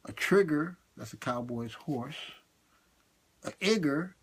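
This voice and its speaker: Animated male comedian with a lively voice. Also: slow pace, husky. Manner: animated, swings between high excited bursts and low muttered asides. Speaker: stand-up comedian. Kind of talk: comic monologue.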